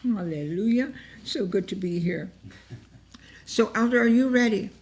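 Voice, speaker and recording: A woman with a mid-range, darkish voice leads an informal Bible lesson at an unhurried pace. As a Bible study teacher she is emotive and repetitive, often acting out heartfelt cries to God while encouraging her listeners.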